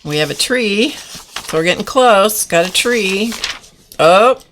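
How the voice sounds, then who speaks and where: A woman's voice: medium pitch, expressive, slow, noisy background. A woman hosting a live art journaling stream, chatting casually and giggling as she rambles while she works.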